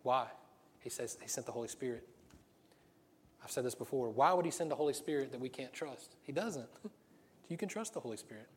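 A middle-aged man preaching in a loose, conversational way, breaking into laughs and restarting his sentences. His delivery moves quickly. His voice sits at an ordinary middle pitch for a man. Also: lively intonation, breathy edge. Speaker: pastor. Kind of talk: sermon.

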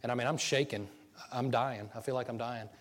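A man, a pastor telling a personal story from the pulpit in an animated, self-deprecating way. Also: medium pitch, a little fast. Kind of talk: sermon storytelling.

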